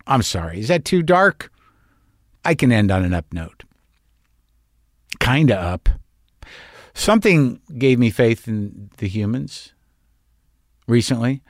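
A man's voice: mid-range voice, very animated, slow pace, pauses often, no echo, clean studio sound. A man hosting a podcast, delivering a rambling, wry, self-deprecating comedic monologue. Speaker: podcast host.

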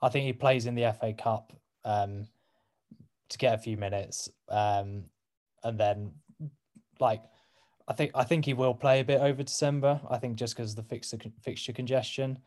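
A man's voice: medium pitch, fairly even intonation, normal speed, a little mellow. A man guesting on a fan podcast, hesitant with fillers in casual football chat, often trailing off.

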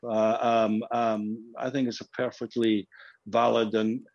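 A man's voice: mid-range voice, flat delivery, measured pace, creaky, a little mellow, dull audio. A man in his sixties, a musician guest in a casual interview, talking in a rambling way with frequent restarts and fillers.

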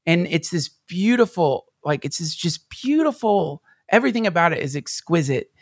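A man with a gravelly, creaky voice tells a personal story in a rambling way, full of fillers and restarts. He sometimes sounds close to tears. The sound is dry and close. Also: on the high side, lively intonation, normal speed, dry recording. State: near tears at times. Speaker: podcast guest.

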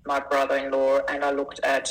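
Aussie woman, really deep voice, kinda croaky, telling her story all earnest and choked up, keeps restarting. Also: completely flat delivery, rough recording. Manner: earnest, emotional, halting with restarts. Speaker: life coach, guest. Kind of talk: personal storytelling in conversation.

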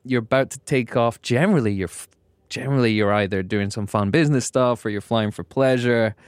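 A man's voice: mid-range voice, fairly quick, clear, resonant tone, no room sound. A man chatting casually on a podcast, telling wry stories in a dry, mock-polite way. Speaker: podcast co-host, martini drinker. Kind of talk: casual chat.

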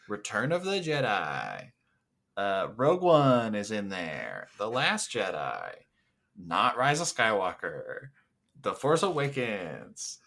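A man's voice: on the low side, wildly swooping pitch, slow, vocal fry, a bit bright. A man co-hosting a movie podcast, chatting casually with a joking, sarcastic manner. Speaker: podcast co-host. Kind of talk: casual chat.

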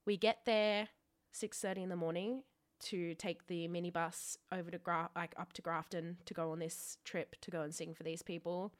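A young Australian woman co-hosting a podcast, telling a story about herself in casual chat, self-mocking and quick to swear. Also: fairly low pitch, fairly even intonation. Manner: self-mocking, laughs often, swears freely. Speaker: podcast co-host.

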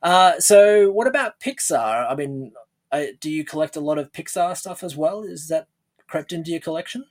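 A man's voice: fairly high pitch, animated, normal speed. A man hosting an interview podcast, chatting casually and rambling with restarts and laughs. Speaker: podcast host.

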